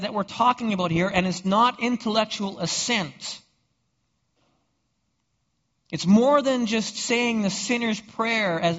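A high-voiced, somewhat bright male pastor preaches a sermon, asking rhetorical questions and stumbling over repeated words. The sound is dull, with a long, echoing hall reverb.

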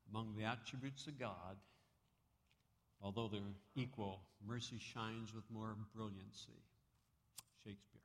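Animated preacher in an echoing hall. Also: male voice, fairly low pitch, a little slow, pauses often. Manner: animated, dramatic storytelling with sudden loud bursts and soft drops. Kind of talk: sermon. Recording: echoey hall.

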